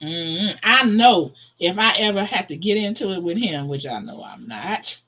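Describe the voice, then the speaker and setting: Woman guest, casual storyteller, very lively up-and-down voice, laughs a lot. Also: lowish voice, moderate pace, lo-fi sound. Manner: animated, laughs often, acts out voices in her stories. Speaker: guest on a live stream.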